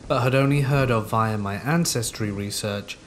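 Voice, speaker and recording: Guy calmly reading a scary story, mid pitch voice, faint rain in the background. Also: noisy background. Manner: calm, measured storytelling meant for falling asleep. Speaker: horror story narrator. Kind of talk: scripted narration of a first-person horror story. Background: rain falling.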